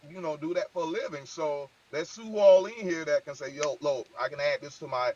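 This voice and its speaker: A man's voice: on the high side, a little fast, a little mellow, no echo. A man on a casual group call, rallying the others with encouragement. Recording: dull lo-fi audio.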